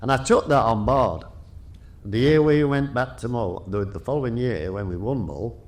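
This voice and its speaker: An older Yorkshireman, a retired rally driver appearing as a guest, tells casual anecdotes in a mid-range voice at a moderate pace. He's a lively storyteller who laughs often and restarts his sentences.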